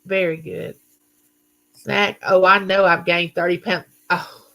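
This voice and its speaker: Bright-voiced woman hosting live chat. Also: fairly low pitch, little pitch movement, slow pace. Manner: chatty, reads viewer comments aloud. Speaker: livestream host.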